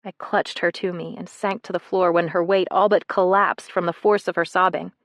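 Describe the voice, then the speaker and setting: A woman reading a first-person romance novel in a soft, intimate way, as scripted narration. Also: lowish voice, steady tone, normal speed, no room sound, studio quality. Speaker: audiobook narrator.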